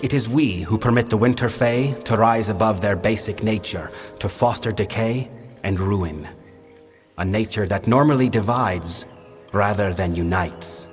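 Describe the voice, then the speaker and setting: A man's voice: lowish voice, measured pace, close to an everyday voice. An actor playing a weary ancient winter fae king in a video game, speaking in a grave, formal, commanding way. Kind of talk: video game character dialogue. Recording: long reverb with game music.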